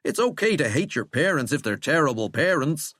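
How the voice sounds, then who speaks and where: A shackled cursed man with a wry, sardonic, coaxing drawl, as a male narrator puts him on. His pitch swoops around, raised and loud, and the voice sits close and dry on the mic, like an audiobook. He sounds mocking and folksy. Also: very animated, a little fast, no echo.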